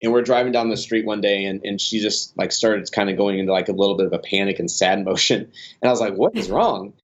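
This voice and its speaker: A man's voice: fairly low pitch, fast, dull audio. A man guest on a podcast, telling business stories in a casual, rambling way with lots of restarts. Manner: rambling, many restarts and fillers, animated in stories. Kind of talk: casual conversational storytelling.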